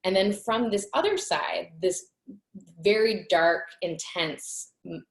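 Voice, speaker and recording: A woman's voice: medium pitch, slow pace, reverberant, poor audio. A woman host earnestly recounting a personal spiritual experience in conversation, with many casual fillers. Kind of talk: reflective personal storytelling in conversation.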